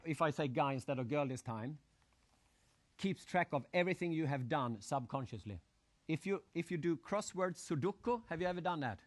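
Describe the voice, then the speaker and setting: A man giving a live motivational seminar talk, animated, acting out crowd shouts and putting questions to his audience. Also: fairly high pitch. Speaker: motivational speaker.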